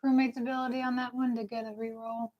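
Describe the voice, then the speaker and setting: A woman playing along in a tabletop game, chiming in with quick suggestions and reactions in casual chat. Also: fairly high pitch, little pitch movement, lo-fi sound.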